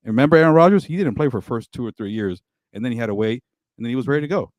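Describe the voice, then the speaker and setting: A man co-hosting a sports podcast in casual chat, excitable, repeating words and laughing often. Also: mid-range voice, rapid-fire, dry recording.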